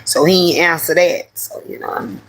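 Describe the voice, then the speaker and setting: A woman's voice: fairly low pitch, moderate pace, low-quality recording. A woman hosting a live stream who tells a personal story in a candid, heated way, full of profanity and slang. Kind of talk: casual storytelling to a live audience.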